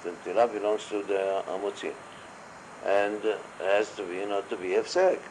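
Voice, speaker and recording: Halting older-sounding rabbi, low voice. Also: male voice, noisy background. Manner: halting, many fillers, quotes blessings aloud. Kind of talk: casual halachic discussion.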